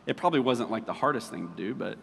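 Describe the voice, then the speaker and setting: A man's voice: mid-range voice, expressive, quick pace, gravelly, fairly bright tone, husky. A man preaching a casual sermon as pastor, chatty and checking in with his listeners often. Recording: long reverb of a large hall.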